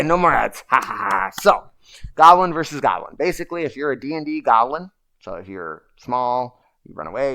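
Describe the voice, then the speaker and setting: A man hosting a casual livestream, rambling and animated as he tells stories and answers viewer questions. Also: medium pitch, creaky. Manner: rambling and animated, chanting and shouting at times. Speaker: livestream host.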